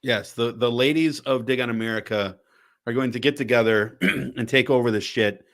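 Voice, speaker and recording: A man hosts a laid-back podcast, his mid-range voice moving at a moderate pace with a fairly bright tone. He rambles, often starts over, and swears now and then.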